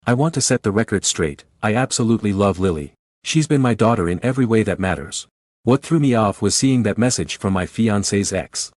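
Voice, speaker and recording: A man reading a first-person story aloud in an even, measured way. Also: on the low side, no room sound. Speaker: narrator.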